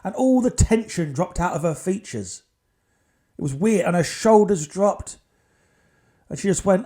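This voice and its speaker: A man's voice: sits high, expressive, normal speed, gravelly, pauses often, warm tone. A man hosting a podcast, telling stories in a chatty, digressive way with wry asides. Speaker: podcast host. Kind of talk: casual podcast storytelling.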